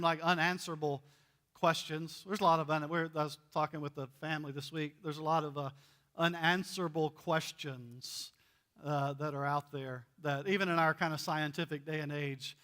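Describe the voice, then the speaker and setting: A man's voice: a little high, pushed and bright. A male pastor giving a sermon in a church, conversational and playful, acting out the dialogue as he goes. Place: church sanctuary.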